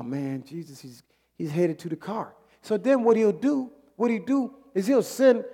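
A man preaching a lively, colloquial sermon in church, acting out scenes and sometimes yelling in character. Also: high-pitched, in a large hall.

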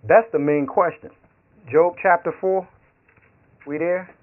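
A man's voice: on the high side, fairly even intonation, unhurried. A man preaching a sermon, telling stories with acted quotes, laughing along as he goes. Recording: tinny phone-like radio sound.

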